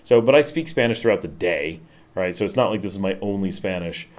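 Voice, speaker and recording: A man's voice: low-pitched, lively intonation, fairly quick. A middle-aged man with a Buffalo, Western New York accent, chatting casually on a live stream, rambling with many fillers and restarts. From Western New York, USA. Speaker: livestream host. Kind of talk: casual live-stream chat reading viewer comments.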